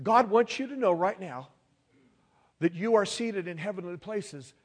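A man's voice: high-pitched, lively intonation, a little slow, slightly rough. A male pastor preaching a sermon, emphatic and calling on the congregation to respond.

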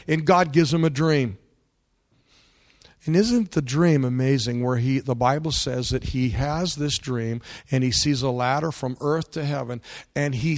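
A male pastor preaching a sermon to his congregation, asking them questions and building to loud, emphatic peaks. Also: on the high side, creaky.

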